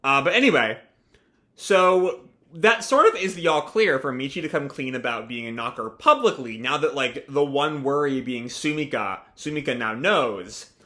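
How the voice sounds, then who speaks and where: A man's voice: medium pitch, animated, moderate pace, a bit bright. A young man casually reading a manga aloud and reacting, rambling with many fillers.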